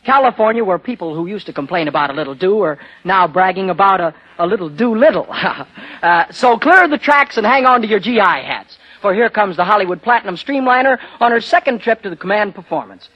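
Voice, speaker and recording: A man hosting a 1940s radio variety show with brisk, quipping scripted patter. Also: sits high, lively intonation, highs cut off.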